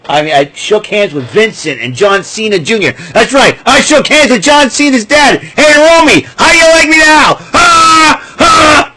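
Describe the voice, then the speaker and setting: The recording is low quality, carrying a man's slightly high, breathy-edged voice. As a vlogger he chats casually to camera in an excitable, joking ramble, ranting before cracking up at himself.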